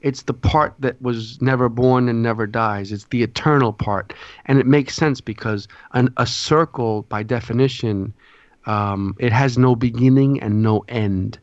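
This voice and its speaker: A man's voice: mid-range voice, measured pace, no room sound, muffled recording. A man, a podcast guest, explaining symbolism in a lecturing way, often checking in with his listeners.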